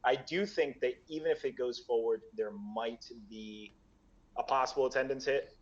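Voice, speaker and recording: A man's voice: medium pitch, normal speed, muffled recording. An American man chatting as a guest about the event he organizes, with many fillers and restarts. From United States. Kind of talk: casual chat. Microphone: video call.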